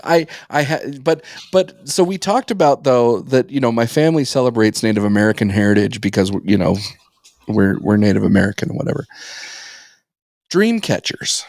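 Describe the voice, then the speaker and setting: A man's voice: medium pitch, animated, moderate pace, a little mellow, no room sound, clean studio sound. Blunt, teasing podcast man. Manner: blunt, teasing, laughs easily. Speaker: podcast co-host. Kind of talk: casual banter.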